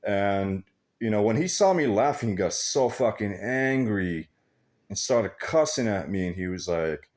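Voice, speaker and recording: A man's voice: lowish voice, animated, unhurried, darkish tone. A man talking in a casual, rambling vlog monologue, swearing freely and laughing often. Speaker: vlogger.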